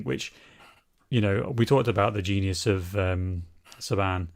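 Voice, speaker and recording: A man co-hosting a podcast in casual, animated chat, swearing and laughing as he talks. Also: fairly low pitch, a little slow, gravelly. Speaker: podcast co-host.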